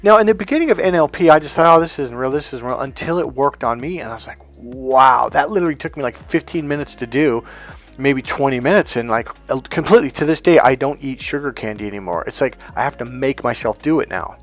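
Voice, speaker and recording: Middle-aged male coach talking casually, acting out dialogue as he tells stories; mid-range pitch, light music bed. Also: quick pace. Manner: storytelling, acts out dialogue, animated asides. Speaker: NLP trainer and hypnotherapist. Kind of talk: casual motivational talk.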